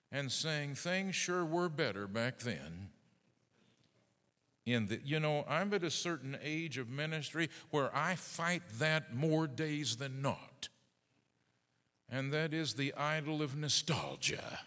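A middle-aged male pastor preaching a sermon, swinging between booming emphasis and hushed asides. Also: big pitch swings, unhurried. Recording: long reverb of a large hall.

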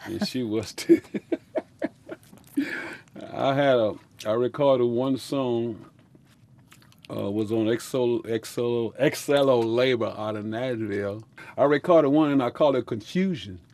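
A man's voice: mid-range voice, unhurried, long pauses, a little mellow. An older man with a Louisiana accent, a musician telling rambling stories in an interview with folksy speech and frequent laughter. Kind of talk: storytelling interview.

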